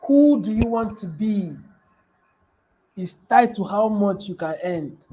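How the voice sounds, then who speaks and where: A man's voice: high voice, slow, dark tone, rough recording. A man giving a live motivational business talk, repeating key phrases and asking his audience questions. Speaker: business coach.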